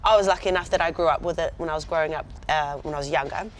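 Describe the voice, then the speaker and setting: Her low voice races along as she chats, a New Zealand woman in her thirties appearing as a rugby player guest in a laid-back interview. She sounds proud and breaks into easy laughter, with faint background noise in the recording.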